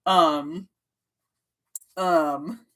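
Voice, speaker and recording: A woman hosting her own livestream, talking straight to her chat in a casual, animated way, laughing often and swearing freely. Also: low voice, very slow. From Minnesota. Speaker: livestream host.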